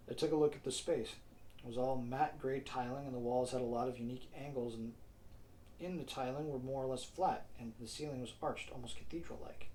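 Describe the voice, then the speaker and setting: A man's voice: mid-range voice, warm tone, a little hiss or hum, low-quality recording. A man narrating his own audiobook in a casual style, dropping wry asides to the listener. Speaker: narrator and author. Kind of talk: self-read audiobook narration.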